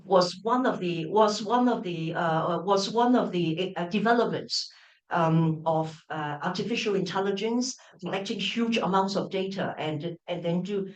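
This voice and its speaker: A woman's voice: on the low side, far from the mic. A middle-aged woman giving an open-day lecture, restarting phrases and checking in with her listeners. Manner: frequent restarts, checks in with "right?" and "all right?". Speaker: university professor giving a lecture. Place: lecture room. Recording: echoey lecture room.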